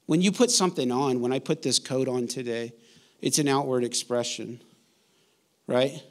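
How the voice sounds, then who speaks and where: A man in his forties preaching a sermon as pastor, in an animated, conversational storytelling way. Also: mid-range voice, moderate pace.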